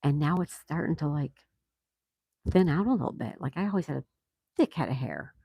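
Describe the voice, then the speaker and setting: A man's voice: a little high, animated, fairly quick, creaky, warm tone, husky, no room sound. A man hosting a casual livestream, reading viewer comments aloud and reacting with easy laughs. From United States. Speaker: livestream host reading chat. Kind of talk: casual live chat.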